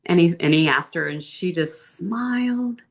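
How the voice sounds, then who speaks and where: Low-voiced woman telling travel stories. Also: a little slow, gravelly. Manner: chatty, animated storytelling with big pitch lifts. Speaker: interview guest. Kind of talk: casual interview storytelling.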